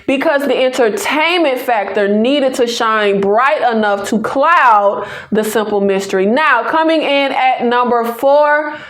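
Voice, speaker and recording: Woman, Southern American accent, fairly high voice, sassy, chatty, movie review host. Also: unhurried, few pauses, a bit bright. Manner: sassy, chatty, teasing asides to viewers. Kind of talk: casual movie review to camera.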